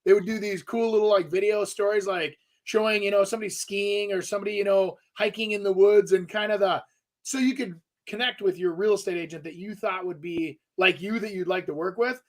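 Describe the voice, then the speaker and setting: High-voiced rambling radio co-host. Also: male voice, steady tone, brisk. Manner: rambling, restarts, lots of fillers. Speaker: co-host of a real estate radio show. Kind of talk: casual talk radio chat.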